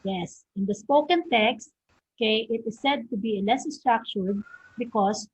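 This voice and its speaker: A woman teacher with a Filipino accent giving an online lesson, saying "okay" again and again and drawing out slow model pronunciations. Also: on the high side. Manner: fills with frequent "okay". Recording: husky, dull lo-fi home recording.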